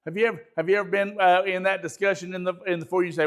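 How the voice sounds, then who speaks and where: A pastor giving a conversational training talk, folksy, repeating words and asking the audience questions. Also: male voice, high-pitched, little pitch movement, quick pace.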